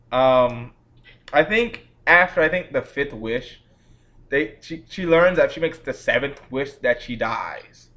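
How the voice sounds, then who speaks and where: A man's voice: fairly high pitch, a bit bright. A man giving a casual, profane, exasperated movie review rant and laughing at how bad the film is. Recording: dull lo-fi recording.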